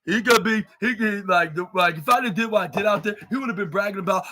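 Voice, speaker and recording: A man's voice: high voice, quick pace, hardly any pauses, pushed and bright, slight background noise. A man hosting a podcast, recapping a wrestling show in a loose, rambling way with many fillers and restarts. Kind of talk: casual recap.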